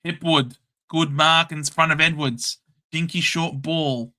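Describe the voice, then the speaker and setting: A young Australian man runs a casual live watchalong, calling each passage of play with blunt, excitable chatter. His voice is slightly high and very bright and sharp, sitting forward and tense. He jumps between play-by-play and offhand opinion like a regular host of his own show. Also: slow pace. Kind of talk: casual live match commentary.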